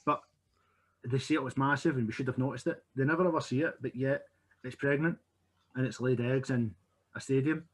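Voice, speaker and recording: A man with a husky, mid-pitched voice joins a casual film chat. He meanders through his points and questions himself as he goes. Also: fairly even intonation, a little fast. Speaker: podcast co-host.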